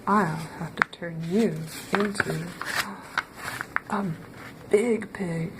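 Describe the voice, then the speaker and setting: Storybook wizard: a woman playing a stern lecturing magician, gravelly, noisy take. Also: fairly low pitch, fairly even intonation, drawn-out words.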